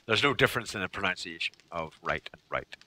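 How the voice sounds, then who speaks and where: A man's voice: low-pitched, lively intonation, fast, pushed and bright. A man chatting casually with his viewers during a game livestream. He laughs often. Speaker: game streamer.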